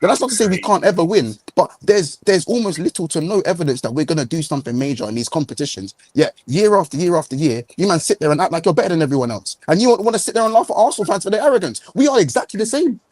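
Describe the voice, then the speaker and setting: A man co-hosting a football podcast, ranting in heated casual chat and looping back over his own points. His voice sits slightly high and rattles along quickly. The sound is close and dry. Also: lively intonation, darkish tone, dry recording. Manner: ranting, repetitive, slangy.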